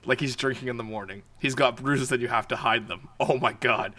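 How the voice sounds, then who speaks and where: A man co-hosts a casual podcast and talks fast. His reactions are short, blunt and salted with swearing, and his pitch sits in an ordinary middle range. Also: pushed and bright. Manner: quick, blunt, profane reactions. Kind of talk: casual chat.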